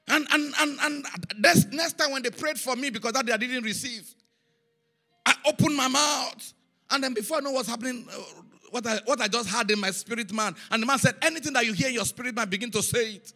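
High, bright-voiced animated preacher man. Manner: animated storytelling, repeats phrases, chants syllables. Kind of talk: sermon.

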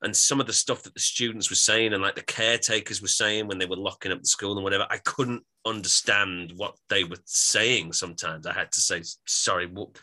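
A man talks in a casual podcast chat, explaining at length and often restarting his sentences. His voice sits fairly low but has a bright, forward edge to it. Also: steady tone, fairly quick, few pauses. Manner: chatty, explanatory, with many restarts. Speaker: podcast co-host.

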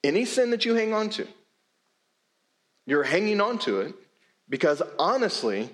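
A man's voice: fairly high pitch, expressive, moderate pace, long pauses. A male pastor preaching a sermon in a church, with a conversational, emphatic delivery and frequent repeated words. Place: church sanctuary.

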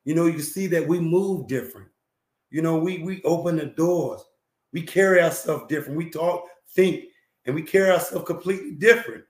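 His voice is a little high and his delivery brisk, with reverberation around it. He's a male talk show host handing out emphatic, preachy relationship advice, repeating himself and clearing his throat often.

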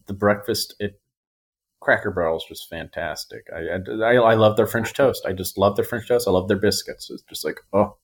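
A man talking as a podcast guest in a casual, jokey, animated way. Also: on the low side, normal speed. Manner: animated, jokey, drops into silly voices. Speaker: guest actor.

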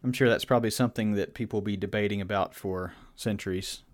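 Southern-accented Virginia man, unhurried. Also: on the low side, fairly even intonation. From Virginia, USA. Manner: thoughtful, unhurried, restarts phrases. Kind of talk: casual podcast conversation.

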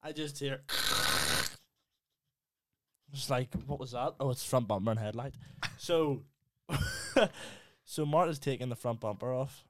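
A man's voice: mid-range voice, animated, a little slow. A young man, co-hosting a podcast in casual chat, joking in a mock-serious way and laughing often. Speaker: podcast co-host.

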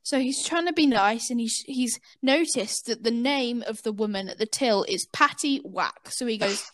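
A woman's voice: a little high, moderate pace, dry recording. A young woman co-hosting a casual podcast, sharing facts and telling jokes in a playful way. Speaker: podcast co-host. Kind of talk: casual chat.

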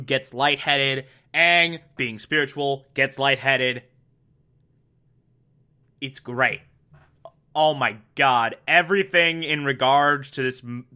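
A man giving enthusiastic commentary on a cartoon episode, gushing and excitable. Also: mid-range voice, clean tone. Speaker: show reviewer.

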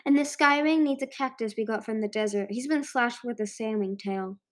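Lady doing a nervous clever young boy dragon, earnest, a bit high, storybook voice. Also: normal speed, lightly acted.

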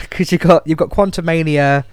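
A man's voice: on the high side, steady tone, measured pace, smooth. A man co-hosting a podcast in casual chat, blunt and sweary, with lots of ums and restarts. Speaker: podcast co-host.

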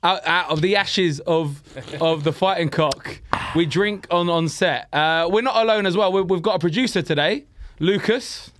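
High-voiced East London comedian. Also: male voice, a bit bright. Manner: fast, jokey storytelling. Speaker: podcast host and stand-up comedian. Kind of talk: casual chat.

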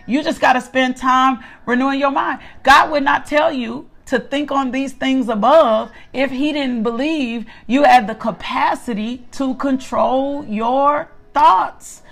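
A middle-aged woman preaching in a relaxed, conversational way, with a voice pitched a little high. She repeats her points for emphasis and keeps asking the listeners to answer her. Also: vocal fry. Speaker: Bible study teacher. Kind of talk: conversational sermon.

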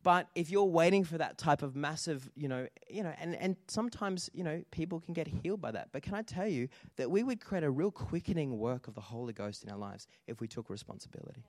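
Man preaching an animated sermon. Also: a little high, a little fast, hardly any pauses, dry recording. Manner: animated storytelling with audience call-outs. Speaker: pastor.

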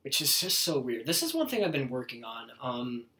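A man hosting a casual podcast, talking bluntly with plenty of swearing and loose, rambling asides. His voice sits at an ordinary middle pitch. The room around him rings with echo. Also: very animated, normal speed, sharp tone. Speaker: podcast host. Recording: roomy, echoey room.

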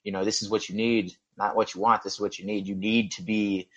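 A man's voice: fairly low pitch, flat delivery, a little fast, a bit bright. A man who hosts a podcast, talking in a laid-back way and swearing casually. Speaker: podcast host. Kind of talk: casual conversation. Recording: dull lo-fi audio.

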